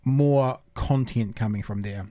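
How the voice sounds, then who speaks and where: A man's voice: medium pitch, measured pace, mellow, no room sound. A man hosting a casual podcast interview, asking long rambling questions. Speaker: podcast host.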